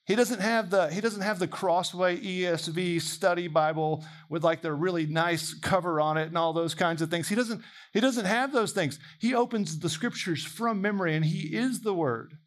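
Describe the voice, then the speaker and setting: Animated preaching man, fairly high voice. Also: moderate pace. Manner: animated storytelling, imagining dialogue aloud. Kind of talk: sermon.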